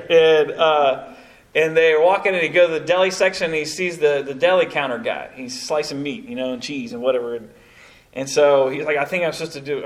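A man leading a church evangelism training session, telling stories with many asides to a live group. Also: a little high. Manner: storytelling, animated, many asides like "you know, kind of thing". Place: church meeting room with a live audience.

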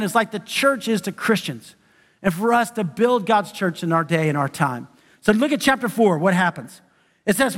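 A man preaching a sermon as pastor, conversational and animated, full of rhetorical questions. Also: sits high, in a large hall.

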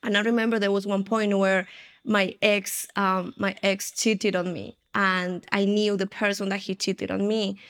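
Woman telling her story in a flat, earnest voice. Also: medium pitch, unhurried. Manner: earnest, recounting, frequent restarts. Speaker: interview guest sharing her testimony. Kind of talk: personal testimony.

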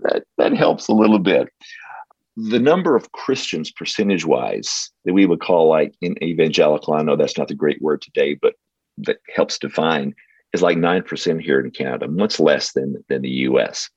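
A very deep, husky older man, telling stories in an earnest, reflective way as a pastor on a podcast. His pitch swings widely as he talks, and the sound is a bit dull and lo-fi. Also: expressive, moderate pace, darkish tone, no room sound. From United States. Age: 60s. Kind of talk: casual interview talk.

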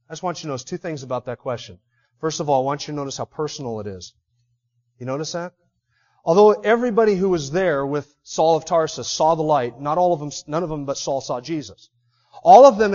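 High-voiced preacher swinging loud and hushed. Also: male voice, lo-fi sound. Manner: dramatic swings from loud emphatic peaks to quiet low passages. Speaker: pastor. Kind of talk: sermon.

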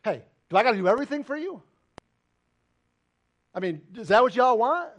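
A man's voice: extremely high pitch, sing-song, fairly quick, dull audio. A man preaching a sermon as pastor, emphatic and full of direct questions to the congregation. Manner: emphatic, preaching with rising and falling intensity.

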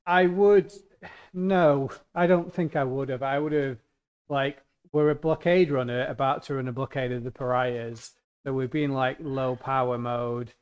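A man's voice: medium pitch, steady tone, unhurried, clean tone, highs cut off. A man taking part in a tabletop role-playing game. He rambles and jokes while working out what his character would do, thinking aloud. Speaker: player. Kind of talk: casual tabletop play.

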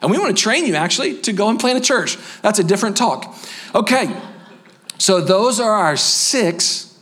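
A high-pitched man preaches to his church with lively, fired-up energy and playful asides. Toward the end he settles into a softer, slower voice to pray. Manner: energetic, animated preaching with quick asides and humor; drops to a soft, slow voice for closing prayer. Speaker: pastor. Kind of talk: sermon. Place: church sanctuary.

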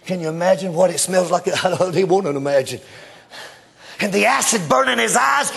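A male preacher delivering an animated sermon that swings between hushed and shouted lines. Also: high-pitched, a little fast, creaky, breathy edge.

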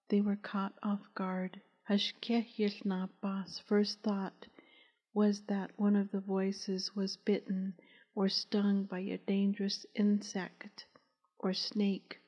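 Slow, flat-voiced woman reading an audiobook. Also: medium pitch. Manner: slow, measured, even reading. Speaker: audiobook narrator. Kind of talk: audiobook narration. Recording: dull, echoey recording.

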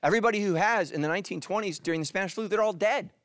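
A middle-aged man, a pastor, preaching a sermon with animated swings from loud emphasis to hushed, intimate lines. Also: high voice, very fast, no echo, clean studio sound.

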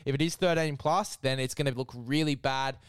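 An Australian man hosts a casual sports podcast, talking in a blokey, chatty way. His voice is smooth and resonant, middle-pitched. The sound is close and dry. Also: fairly even intonation, fairly quick, no echo. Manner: blokey, keeps saying mate, hammy ad read. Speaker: podcast host. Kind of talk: casual sports preview chat.

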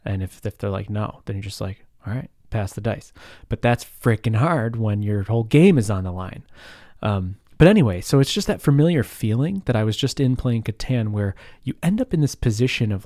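A man in his thirties telling stories in a relaxed, rambling chat, full of fillers and quick laughs. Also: lowish voice, no echo, studio quality. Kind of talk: casual storytelling chat.

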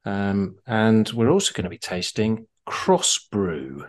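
A man's voice: on the low side, big pitch swings, takes it slowly, darkish tone. Chatty man hosting a drinks podcast. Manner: chatty, enthusiastic, lots of fillers. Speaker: podcast co-host. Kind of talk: casual drinks podcast chat.

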